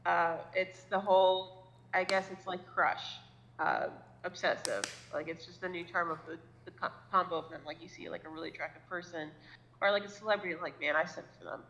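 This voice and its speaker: A woman in her thirties chats casually on a podcast, rambling and poking fun at herself, with swearing mixed in. Her voice is bright and edgy but sits a little low. The recording is dull and lo-fi. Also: fairly quick, vocal fry, slight background noise. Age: 30s. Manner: rambling, self-deprecating, swears freely. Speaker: podcast co-host. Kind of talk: casual chat.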